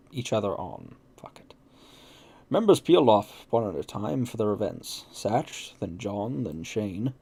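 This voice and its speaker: A low-voiced man with a gravelly, creaky edge and lively pitch reads a visual novel aloud. He breaks in with wry, sweary asides at his own slips, and faint game music plays behind him. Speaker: let's play host. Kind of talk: casual visual novel read-through.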